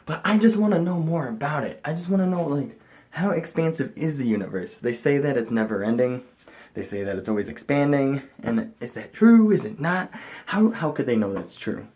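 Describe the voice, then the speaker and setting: Young male vlogger, excitable and rambling, loud bursts then mumbles. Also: on the low side. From Chicago area, USA. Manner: excitable, rambling, jumps between loud enthusiasm and mumbling asides. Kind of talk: rambling casual vlog monologue.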